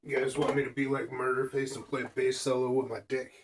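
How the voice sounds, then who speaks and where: A man telling his life story to the camera in a wry, deadpan way. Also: mid-range voice, fairly quick, very noisy. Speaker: cook and solo musician. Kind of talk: casual monologue to camera.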